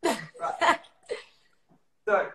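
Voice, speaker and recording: A man's voice: extremely slow, background noise. A man teaching a dance routine over a video call, counting beats and scatting the steps. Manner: counts steps aloud with sung syllables. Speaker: dance instructor. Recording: very echoey room.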